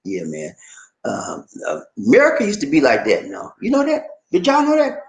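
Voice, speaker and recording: A man's voice: high-pitched, moderate pace, reverberant, rough recording. A man from Charleston, South Carolina, hosting a casual livestream, chatting with viewers and reading their comments. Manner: lively, talks to viewers, reads comments, laughs often. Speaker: livestream host.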